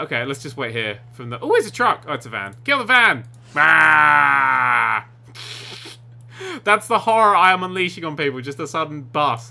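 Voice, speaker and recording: A young man giving excitable, giggly let's play commentary on a game, with sarcastic asides. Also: fairly high pitch. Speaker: gaming YouTuber.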